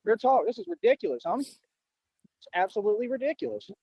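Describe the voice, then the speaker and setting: A man's voice: very high-pitched, big pitch swings, brisk, vocal fry, a little mellow, breathy edge, dry recording, muffled recording. A man rambling on at length, boastful and earnest, repeating himself often, with a way of talking. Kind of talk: rambling street monologue.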